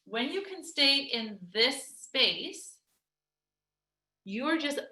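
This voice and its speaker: A woman weight loss coach giving an energetic, emphatic motivational talk, chatty with lots of restarts. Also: high-pitched, takes it slowly. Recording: roomy echo.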